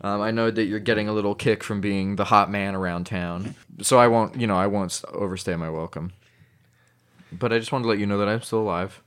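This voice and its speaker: A man with a fairly low voice, role-playing at a tabletop game. He talks with swagger and bluster, cursing freely as his character. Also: steady tone, brisk, fairly bright tone, clean tone. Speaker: player.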